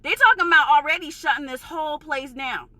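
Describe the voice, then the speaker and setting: A woman's voice: sits high, a little fast, bright, forceful tone, dry recording. A woman from New York with a New York accent, ranting in a vlog, heated, emphatic and profane, insisting she is passionate, not angry. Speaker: vlogger.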